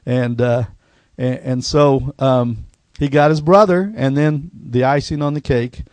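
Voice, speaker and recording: A middle-aged man, a pastor telling his life story in a sermon, folksy and going quiet at the emotional parts. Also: mid-range voice, unhurried, no echo. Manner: folksy storytelling, drops to a hushed voice at emotional points. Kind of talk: personal testimony sermon.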